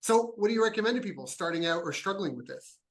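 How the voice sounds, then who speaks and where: Higher-pitched Canadian man hosting a podcast. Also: lively intonation, quick pace, fairly bright tone, low-quality recording. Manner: rambling, tells anecdotes, self-interrupting. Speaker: podcast host. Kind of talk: conversational podcast interview.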